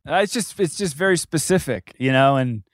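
A man co-hosting a podcast in casual chat, animated and laughing often, repeating words as he gets going. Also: a little high, brisk, dry recording, clean studio sound. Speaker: podcast co-host.

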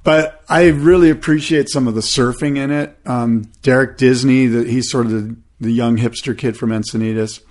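A man co-hosting a surf podcast, telling rambling stories in a relaxed, casual way. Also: medium pitch, moderate pace, hardly any pauses. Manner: relaxed, rambling storytelling with surfer slang. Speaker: podcast co-host. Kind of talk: casual chat.

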